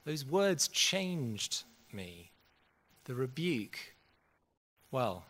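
A man with a fairly low, fairly bright voice preaches a sermon earnestly and conversationally, acting out quotes as he goes. The recording carries a long hall reverb.

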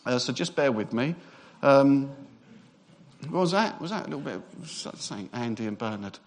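A man preaching a sermon, lively and joking, sometimes speeding up as he gets excited. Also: mid-range voice, normal speed.

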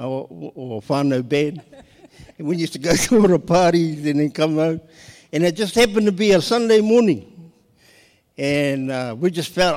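Lively New man telling his story. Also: a little high, big-room sound. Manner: lively, laughs often while telling. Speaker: guest sharing his testimony. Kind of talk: personal storytelling.

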